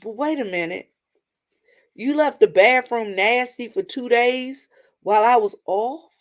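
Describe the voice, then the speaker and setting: A woman's voice: on the high side, a little slow. A middle-aged woman, chatting and rambling to her viewers in a casual vlog. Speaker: vlogger. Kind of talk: casual storytelling vent to viewers.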